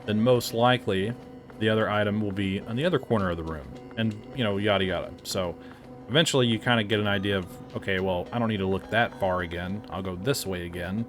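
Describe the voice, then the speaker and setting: A man's voice: on the low side, fast talker, a bit bright, faint music behind. A man giving casual, rambling commentary as a game reviewer, often correcting himself mid-sentence. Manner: rambling and chatty, with frequent self-corrections.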